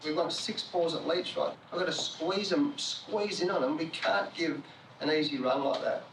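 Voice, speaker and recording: A man's voice: fairly high pitch, normal speed, fairly bright tone, echoey room, a little hiss or hum. A man, a cricket coach talking frankly in a documentary interview and team talk. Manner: blunt, frank storytelling. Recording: distant mic.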